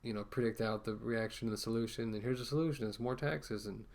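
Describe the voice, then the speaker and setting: A man's voice: lowish voice, fairly even intonation, fast talker, darkish tone. A man ranting casually to camera as a vlogger, rambling with many fillers and restarts, talking through a mask.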